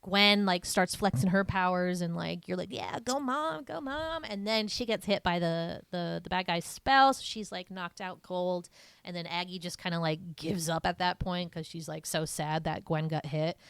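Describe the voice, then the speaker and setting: Young woman podcast co-host, low-ish voice, rambling recap loaded with fillers, dry close sound. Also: fairly even intonation, normal speed, fairly bright tone, clear, resonant tone, dry recording. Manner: rambling, filler-heavy storytelling, many "like"s; acts out character lines in a higher voice. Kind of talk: casual movie recap chat.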